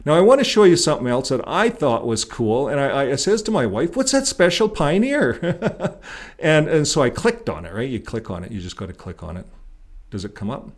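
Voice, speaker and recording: A man from Canada talks to his viewers in a casual, rambling way, with plenty of filler words and false starts. His voice sits at an average pitch, and his delivery is folksy and conversational. He records from behind the screen, narrating over what he shows. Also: very animated, a little fast. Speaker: YouTube channel host. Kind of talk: casual vlog talk to viewers. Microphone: desktop mic while screen recording.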